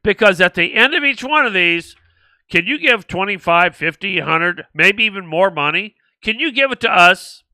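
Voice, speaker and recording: Older male political talk host, blunt and rambling, smooth clear voice, dry close sound. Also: sits high, animated, moderate pace, bright, forceful tone, no echo. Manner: blunt, rambling, mocking mimicry. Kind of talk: political commentary.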